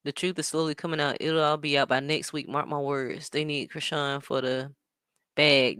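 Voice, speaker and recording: A woman hosting a show, talking in an animated, sassy way with plenty of slang while she reacts to a stream. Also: deep voice, normal speed, smooth, no room sound, clean studio sound. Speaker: show host. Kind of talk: casual commentary reacting to a stream.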